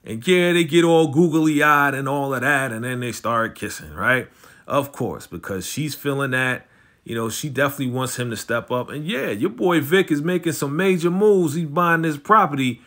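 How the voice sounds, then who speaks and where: A man giving a casual, slangy recap of a TV drama episode, telling it with animated energy. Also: mid-range voice. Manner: animated, slangy storytelling, often fast. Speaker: YouTube show recapper.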